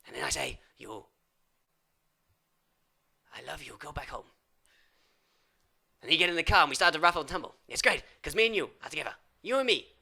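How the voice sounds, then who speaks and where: Male improv comic: high, very bright voice, rambling absurd patter with mock-foreign phrasing. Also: vocal fry. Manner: rambling absurd patter, swinging from loud outbursts to whispers. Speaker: improv comedian.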